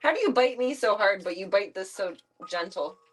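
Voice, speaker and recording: A woman streamer with a middling voice coos and chatters at her pet at home in playful baby talk. Faint music plays quietly behind her. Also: medium pitch, animated, normal speed. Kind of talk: casual chat to her pet.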